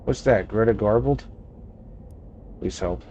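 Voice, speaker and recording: A man's voice: on the low side, takes it slowly, mellow, slight background noise. A man with a Southern US accent playing a game, reading the text aloud and joking. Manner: playful, reads narration aloud and jokes. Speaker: gaming channel host. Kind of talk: let's play commentary reading game text.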